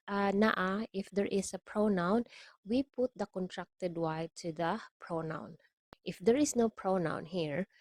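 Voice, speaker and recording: Slow, patient woman teaching phrases. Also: lowish voice, no room sound. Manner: patient, repeats phrases and checks with "okay?". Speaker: language teacher. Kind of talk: slow explanatory lesson.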